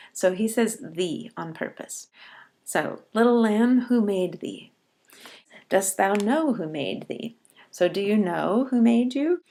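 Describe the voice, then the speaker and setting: A woman college professor giving a patient lecture on a poem, reading verse lines slowly and deliberately. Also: medium pitch, darkish tone.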